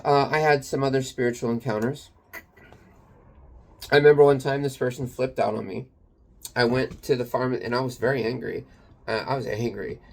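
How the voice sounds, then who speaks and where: A man's voice: mid-range voice, fairly even intonation, normal speed, gravelly, long pauses. A man rambling through a confessional personal story in a casual, loose way, with lots of fillers and some swearing. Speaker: kratom vendor and channel owner.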